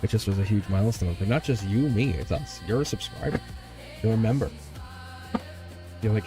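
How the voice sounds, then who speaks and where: A man hosting a live tarot stream, chatting casually and laughing often as he talks straight to his viewers, with soft music behind him. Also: fairly low pitch, moderate pace, long pauses. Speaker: tarot reader and channel host. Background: quiet background music.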